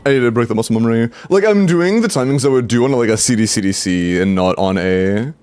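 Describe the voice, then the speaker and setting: A young streamer livestreams a video game, talking to himself and his chat while practicing a combo, frustrated and swearing. His mid-range voice is expressive and quick, with a darkish yet clean tone.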